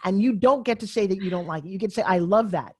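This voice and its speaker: Guesting on a podcast, a middle-aged woman races through her points with a breathy edge to her medium-pitched voice. She pushes hard and emphatically, with the energetic drive of a motivational speaker.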